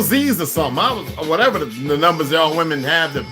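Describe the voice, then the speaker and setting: Lively man telling stories on a livestream. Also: fairly high pitch, quick pace, few pauses, music in the background. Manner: storytelling, acting out quoted dialogue. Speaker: livestream host. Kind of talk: casual rambling monologue.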